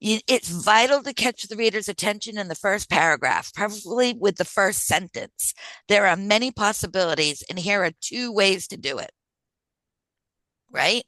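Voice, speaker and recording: A woman's voice: medium pitch, animated, normal speed, bright, forceful tone, no room sound. A woman presenting a job-search workshop in a conversational way, often checking in with her listeners. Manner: conversational, keeps checking in with "right?".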